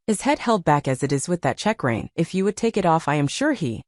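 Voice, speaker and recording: A woman voicing a kind, genteel lady who speaks gently and persuasively in a storybook reading. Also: sits low, big pitch swings, brisk, dry recording, clean studio sound.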